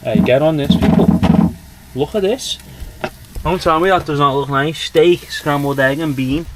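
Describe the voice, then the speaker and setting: Inside a small campervan, a young man vlogging his travels talks casually to camera, rambling and using plenty of fillers. His voice is fairly high and unhurried, with background noise around it.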